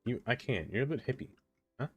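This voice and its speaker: A man's voice: mid-range voice, lively intonation, brisk, breathy edge. A man streaming a game, chatting casually, laughing often and talking to the objects he builds. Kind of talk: casual live-stream chat.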